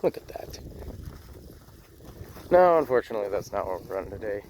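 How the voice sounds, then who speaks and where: A man's voice: on the low side, big pitch swings, a little fast, darkish tone, slight background noise. A man out of breath, talking casually to his viewers as he starts a farm workday, self-mocking and rambling. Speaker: farmer vlogger. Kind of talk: casual vlog narration while working. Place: outdoors on a farm, in and around a tractor.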